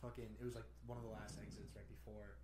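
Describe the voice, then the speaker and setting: A man's voice: fairly low pitch, flat delivery, fast, noisy background. A young man in casual podcast chat, telling a story in a loose, rambling way with plenty of fillers. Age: young adult. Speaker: podcast co-host.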